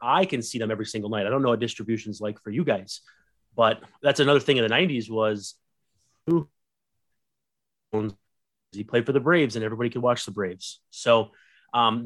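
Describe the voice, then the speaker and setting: A man hosting a podcast, talking relaxed and loose with lots of fillers and restarts. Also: lowish voice. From USA. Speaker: podcast host. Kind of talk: casual podcast chat.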